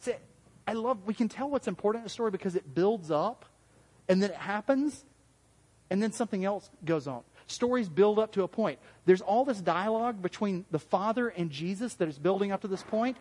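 High-voiced man preaching in a hall. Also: lively intonation, a little fast, a little mellow, slightly rough. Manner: conversational, asks the congregation questions; acts out quoted voices with big pitch jumps. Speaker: pastor. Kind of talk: interactive sermon.

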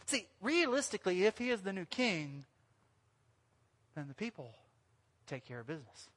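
A man preaching a sermon as pastor, animated and lively, sometimes breaking into loud sung lines. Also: high-pitched, normal speed. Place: church hall. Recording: long hall reverb.

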